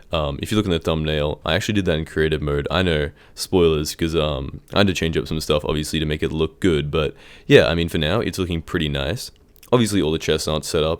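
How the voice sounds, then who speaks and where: A man's voice: extremely low pitch, clean tone. A young man rambling casually over his game footage, hesitant and full of ums. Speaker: Minecraft YouTuber. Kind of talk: casual gameplay commentary.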